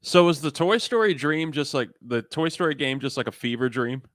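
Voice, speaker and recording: A man's voice: mid-range voice, fairly quick, a bit bright, dry recording, studio quality. A young man hosting a sports variety show, chatting casually in a rambling, self-amused way. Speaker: host.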